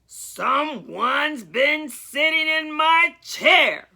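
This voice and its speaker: A woman voicing a big, gruff father bear in a storybook reading, with a grumbling delivery. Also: sits high, animated, extremely slow, pushed and bright, voice pushed up, exaggerated voice.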